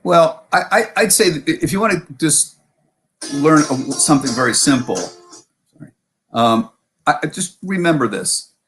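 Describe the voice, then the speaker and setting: A man's voice: fairly high pitch, animated, unhurried, a bit bright, soft background music. A middle-aged man, a markets correspondent, talking casually in an interview and telling stories with many restarts and self-corrections.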